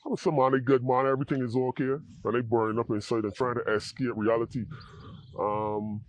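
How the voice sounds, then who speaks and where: A man tells his personal story in an interview, earnest and halting, often repeating words as he searches for them. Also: mid-range voice, fairly even intonation, no room sound. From Barbados. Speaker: interview guest in addiction recovery.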